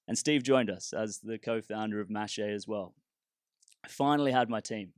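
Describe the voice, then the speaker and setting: A man's voice: medium pitch, clear, resonant tone, no echo, studio quality. A man, a startup founder giving a casual, humorous storytelling talk with a self-deprecating touch.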